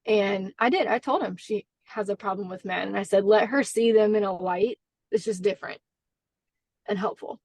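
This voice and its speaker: A woman basketball coach, a guest on a podcast, tells a story in an earnest, heartfelt conversational interview, using many fillers and restarts and becoming briefly emotional. Her medium-pitched voice has a darkish tone and moderate pace, with no room sound.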